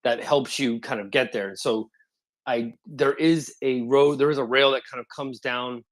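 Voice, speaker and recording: A man explaining fast, with "right?". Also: mid-range voice, fairly even intonation. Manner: talks fast, keeps checking in with "right?". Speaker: guest analyst in an online audio chat. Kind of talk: casual explanatory talk. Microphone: phone on spotty Wi-Fi and mobile data.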